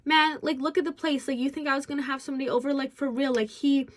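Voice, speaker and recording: A young woman telling her followers a story in a casual, rambling vent, packed with "like" and swinging between low mutters and loud exasperated bursts. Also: steady tone, fast talker, a little hiss or hum. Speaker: vlogger. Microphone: phone close by.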